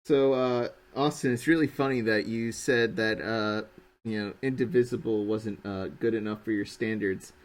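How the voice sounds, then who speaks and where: A man's voice: fairly low pitch, fairly even intonation, moderate pace, low-quality recording. A young man streaming while he draws, chatting casually and teasing his friend. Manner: teasing, joking.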